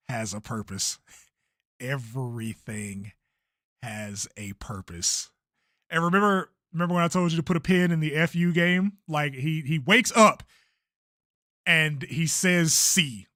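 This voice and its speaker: A man's voice: fairly high pitch, pushed and bright, no echo, clean studio sound. A young man chatting casually on a livestream about his own video, laid-back and swearing freely. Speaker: streamer and creator.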